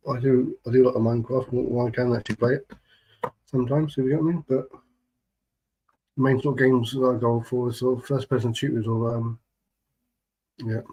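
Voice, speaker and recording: A man's voice: mid-range voice, fairly even intonation, brisk, long pauses, dark tone, slight background noise, rough recording. A man chatting casually on a live stream, greeting viewers and reading their messages in a laid-back, chummy way, keeping his voice down.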